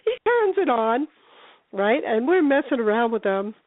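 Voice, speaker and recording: An older woman, a paranormal investigator, telling ghost stories in a chatty, animated way during a phone interview, putting on voices for the people in them. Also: fairly high pitch, measured pace, background noise. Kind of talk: casual phone interview storytelling. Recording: tinny phone line.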